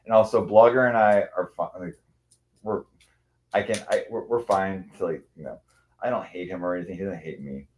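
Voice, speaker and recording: Male streamer, fairly low pitch, loose rambling chat, stops often to coo at his cats. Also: a little fast. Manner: rambling, many restarts, coos at his cats. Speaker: livestreamer. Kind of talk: casual rambling livestream chat.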